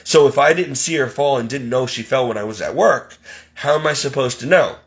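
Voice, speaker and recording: A man's voice: medium pitch, fairly quick. A man venting as a caregiver in an indignant, exasperated monologue. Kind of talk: ranting monologue.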